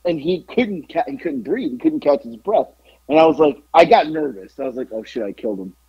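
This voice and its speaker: A man telling wrestling stories in a casual podcast chat, profane, jumping into loud voices when quoting people. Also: a little high, fairly quick, breathy edge, dry recording, muffled recording. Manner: animated, profane, acts out quotes in raised voice. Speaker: podcast guest, former pro wrestler. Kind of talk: casual storytelling.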